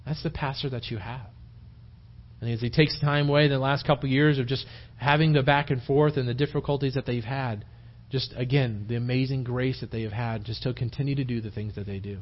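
A man's voice: medium pitch, fairly even intonation, fairly quick. Man preaching casually on a dull tape. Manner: informal and rambling, with frequent restarts and acted-out quotes. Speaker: lay preacher teaching Bible study. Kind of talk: conversational sermon.

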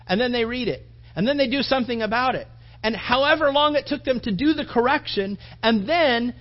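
A man's voice: sits high, lo-fi sound. A male pastor preaching a sermon in an earnest, emotional, conversational way.

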